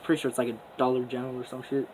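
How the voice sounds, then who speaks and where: A man's voice: medium pitch, level tone, racing, a little mellow, slight background noise, rough recording. Swaggering young man telling a story. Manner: profane, boastful, rambling street slang. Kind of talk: casual storytelling.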